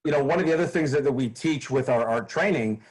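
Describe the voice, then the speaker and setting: A man being interviewed as a sales trainer, explaining his methods in an energetic, animated way. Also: mid-range voice, fast talker, slightly rough, rough recording. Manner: animated, acts out phone calls in a bright raised voice.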